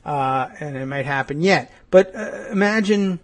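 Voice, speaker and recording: A man's voice: fairly high pitch, lively intonation, measured pace. A man hosting a talk show, riffing sarcastically through a news story in comedic commentary. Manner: sarcastic, riffing, slipping into mock voices. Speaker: radio talk show host.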